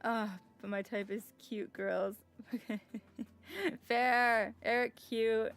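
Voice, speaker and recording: High-pitched girl streaming a game, chatty and sighing, some music in the background. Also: fairly even intonation, slow, smooth. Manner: chatty, with frequent sighs and exclamations. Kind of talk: casual live-stream chat and reading game text aloud. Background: faint music.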